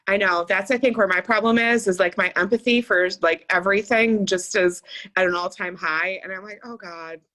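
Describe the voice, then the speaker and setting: A woman's voice: mid-range voice, steady tone, a little fast, pushed and bright. A woman co-hosting a podcast in casual chat, chatty and laughing often. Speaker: podcast co-host.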